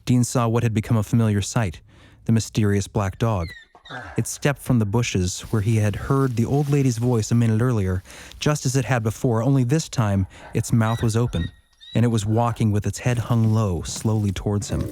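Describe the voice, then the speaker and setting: A man's voice: on the low side, steady tone, moderate pace, mellow, a little hiss or hum. A man hosting a podcast, reading a story aloud and chatting casually, laughing easily. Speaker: podcast host.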